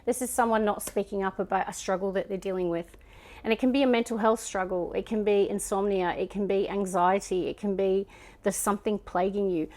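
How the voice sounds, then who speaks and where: Chatty Scottish woman reading tarot. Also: medium pitch. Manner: musing, chatty, drifts into soft murmurs between cards. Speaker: tarot reader. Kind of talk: casual tarot card reading.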